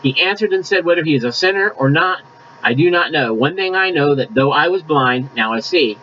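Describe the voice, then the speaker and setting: A male pastor preaching in a relaxed, chatty way, moving from scripture reading into asides. His voice sits a little high and swings widely in pitch. The sound is dull and lo-fi, with faint room ambience behind him. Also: brisk, slight background noise. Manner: conversational preaching with scripture reading, coughs at times. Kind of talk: sermon.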